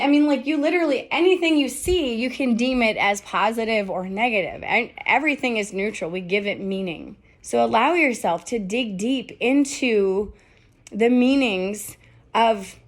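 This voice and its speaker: On her motivational podcast, a middle-aged woman with a fairly high voice delivers a monologue at a moderate pace. She's candid and emphatic, tossing in rhetorical questions and casual swearing.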